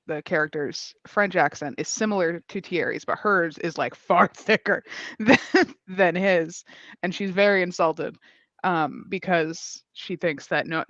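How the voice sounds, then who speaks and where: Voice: medium pitch, fairly bright tone, dry recording. Stream host, casual and rambling with laughs. Dull, dry mic. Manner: rambling, self-correcting, laughs often. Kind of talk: casual chat.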